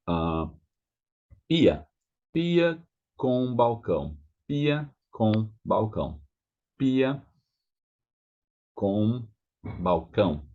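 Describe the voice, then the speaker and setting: Slow, low-voiced Brazilian teacher. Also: male voice, a little mellow, highs cut off. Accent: Brazilian Portuguese. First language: Portuguese. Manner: slow, repeats words over and over, drawn-out vowels. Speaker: language teacher. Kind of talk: pronunciation lesson.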